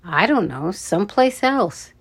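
A woman voicing an anxious young boy scout who warns his friends in hushed, urgent tones. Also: medium pitch, very animated, a little slow, husky. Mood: hushed worry.

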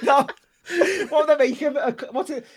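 High-voiced laughing man. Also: fairly even intonation, moderate pace. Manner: laughs often, swears, talks animatedly. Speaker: podcast guest. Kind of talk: casual podcast banter.

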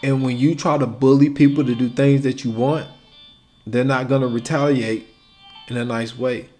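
A man's voice: medium pitch, fairly even intonation, normal speed, darkish tone, soft background music. A man hosting a solo podcast, talking casually and acting out quoted exchanges. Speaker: podcast host.

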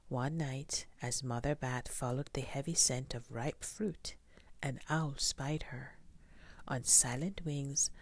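A woman whispering a children's storybook aloud in a soft, gentle voice, as whispered role-play. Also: a bass voice, dry recording.

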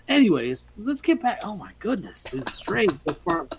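Man, podcast host, casual chat, slightly high voice, playful, rambling. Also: very animated, a little slow, vocal fry, noisy background.

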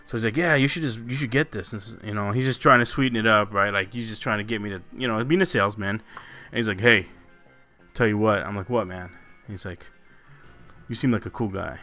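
A man's voice: lowish voice, fast, bright, forceful tone, faint music behind. A man co-hosting a podcast, telling stories in casual, profane banter and laughing often. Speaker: podcast co-host.

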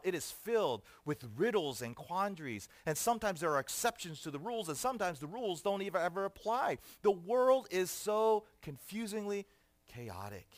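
A middle-aged male pastor delivers a sermon with a very animated, swinging voice that climbs loud for emphasis and sinks low to land a point. The sound is dry and close, with no room around it. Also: dry recording. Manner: animated preaching with dramatic swings in loudness.

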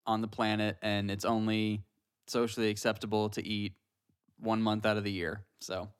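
A man's voice: lowish voice, flat delivery, normal speed, clear, resonant tone. A man co-hosting a casual comedy chat, playfully going along with jokes. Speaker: podcast co-host.

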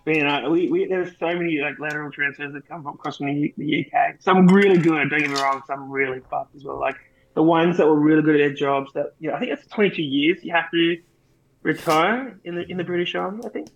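A man's voice: fairly high pitch, fast, creaky, slight background noise. A man co-hosting a podcast, swearing as he rambles through army anecdotes. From Australia. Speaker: podcast co-host, army veteran. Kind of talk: casual storytelling. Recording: dull lo-fi recording.

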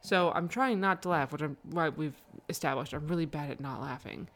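A woman with a low-pitched voice chats with her partner and tells a lively family story. She laughs easily and keeps her tale moving in a casual, animated way. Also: a little fast. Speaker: podcast co-host, parent.

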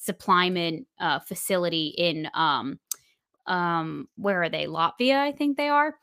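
A woman's voice: on the low side, lively intonation, a little slow, bright, forceful tone, clear, resonant tone, no room sound, studio quality. A woman co-hosting a podcast, chatting casually through an episode recap with plenty of fillers. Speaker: podcast co-host. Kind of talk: casual spoiler recap chat.

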